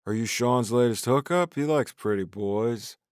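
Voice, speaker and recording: A man voicing a stoned, confused, tearful young man who shouts and pleads in a raised, slurring voice. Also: medium pitch, a little slow, clean tone, dry recording, studio quality, natural voice. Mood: drunkenly pleading.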